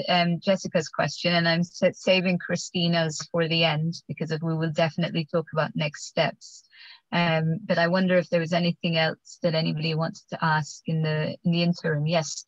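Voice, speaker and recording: Low-voiced woman moderating a panel. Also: level tone, no echo. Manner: measured, with many filler ums. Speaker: host and moderator. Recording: dry, dull video-call audio.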